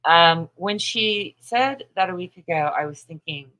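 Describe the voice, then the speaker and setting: A woman's voice: fairly low pitch, normal speed, bright, forceful tone, rough recording. A woman in her thirties hosting a casual livestream, gossiping bluntly about others, laughing often and swearing. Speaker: livestream host. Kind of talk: casual livestream chat reading comments.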